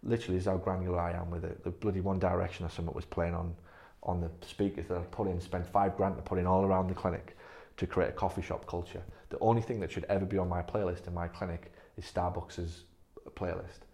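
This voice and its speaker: A man's voice: low-pitched, level tone, fast talker, vocal fry, a little mellow. A man leading a staff training session, blunt and emphatic, swearing freely. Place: physio clinic room.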